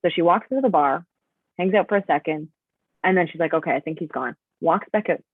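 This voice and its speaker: Brief: female guest, animated storyteller, tinny dry video-call sound. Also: on the low side, slightly rough, no room sound. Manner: lively storytelling, quick bursts. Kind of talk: casual interview storytelling.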